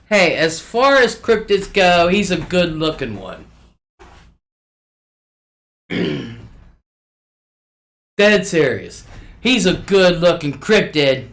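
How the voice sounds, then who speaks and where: A woman talks slowly and easily on her live stream, taking her time between thoughts. She greets viewers by name, reads their comments aloud and swears freely. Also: lowish voice, animated. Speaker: livestream host. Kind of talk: casual live chat, reading viewer comments. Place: at home at her desk.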